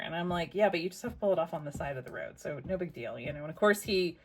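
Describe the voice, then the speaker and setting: Chatty middle-aged American woman crafting vlogger, lowish voice, rambling casual storytelling. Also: a little fast, few pauses. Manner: chatty, rambling, muttering asides to herself.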